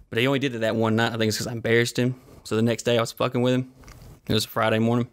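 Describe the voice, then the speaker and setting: A man's voice: mid-range voice, little pitch movement, racing. Profane storytelling podcast guy. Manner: profane, rambling anecdotes with joking asides. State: sweating and flushed. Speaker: podcast host. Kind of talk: casual solo storytelling.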